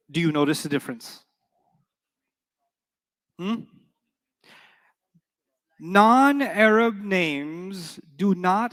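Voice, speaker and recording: A man's voice: high voice, a bit bright, big-room sound. A man teaching an Arabic grammar class, playful and joking while he quizzes the students. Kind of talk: classroom lecture.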